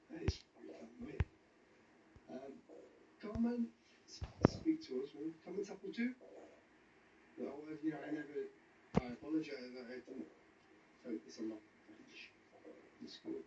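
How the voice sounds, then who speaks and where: Ghost hunter, excitable and hushed; distant, dull, roomy recording. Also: medium pitch, normal speed, pauses often, heavy background noise. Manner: hushed, excitable, often whispering. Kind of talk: paranormal investigation vlog. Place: dark cemetery at night.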